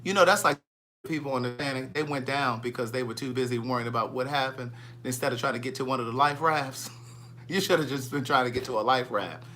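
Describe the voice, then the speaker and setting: A man with a Southern US accent hosting a casual livestream, chatting in a gossipy, animated way and reading viewer comments aloud. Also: mid-range voice, fast talker. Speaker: livestream host.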